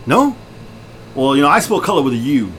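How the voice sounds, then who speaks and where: A middle-aged man co-hosting a podcast, loud, jokey and excitable, laughing often. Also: mid-range voice, brisk. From Texas. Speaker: podcast co-host. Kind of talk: casual chat. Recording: faint background noise.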